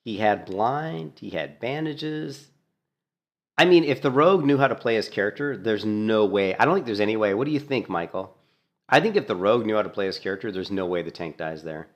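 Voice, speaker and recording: Animated, laughing man commentating on a game. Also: fairly low pitch, fairly quick, dull audio. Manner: animated, laughing often, mocking. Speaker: gaming streamer. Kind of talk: casual commentary while watching a gameplay clip.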